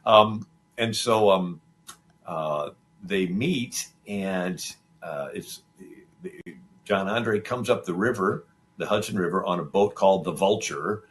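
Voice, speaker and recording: A man's voice: deep voice, slow. A man hosting a talk show, telling a history story in a loose, rambling way and acting out the lines of the people in it. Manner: animated, acts out the quoted figures' lines; loose and rambling, with many fillers and restarts. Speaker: show host.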